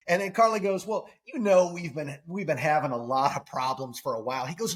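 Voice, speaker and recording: A man's voice: fairly high pitch, moderate pace, few pauses, a bit bright. Man laughing through movie quotes. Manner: retells scenes with laughing quotes. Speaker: podcast co-host. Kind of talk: casual movie chat.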